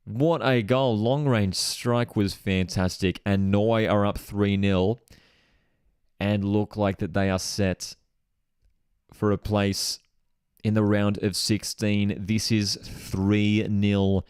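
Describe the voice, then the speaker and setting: A man hosting a live football watchalong, reacting to goals with excitement and chatting to viewers as he reads their comments aloud. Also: fairly low pitch, takes it slowly, clean tone, no room sound, clean studio sound.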